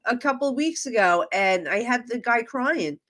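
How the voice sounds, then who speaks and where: A middle-aged woman, a psychic medium and podcast guest, telling animated stories with frequent laughs. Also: on the high side, normal speed. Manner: animated storyteller who laughs often and acts out voices. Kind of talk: casual podcast chat.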